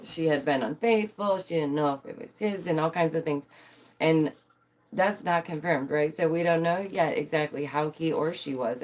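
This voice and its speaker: A woman giving casual, sassy reaction commentary to her viewers, laughing often and using slang. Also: low voice. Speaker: commentary streamer.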